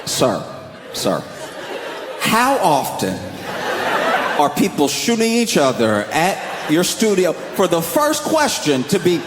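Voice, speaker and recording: A male stand-up comedian telling a story in an animated, incredulous way. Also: fairly high pitch, slow, pauses often. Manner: animated, incredulous, exaggerated retelling. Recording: echoey hall with background noise.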